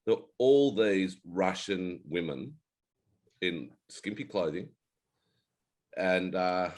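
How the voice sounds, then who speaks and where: A man's voice: sits low, expressive, slow pace. A man in his forties with an Australian accent, co-hosting a casual chat and telling rambling, laid-back stories with plenty of swearing. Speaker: co-host.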